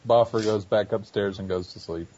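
Low-voiced man playing a tabletop game. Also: fairly even intonation, normal speed, dark tone, a little hiss or hum. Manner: casual, questioning, laid-back. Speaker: player. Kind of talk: casual tabletop play. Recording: dull lo-fi voice call audio.

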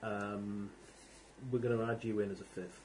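A man running a tabletop role-playing game, narrating with many pauses and fillers. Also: on the low side, flat delivery, a little mellow, a little hiss or hum. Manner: hesitant, many ums and restarts. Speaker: game master.

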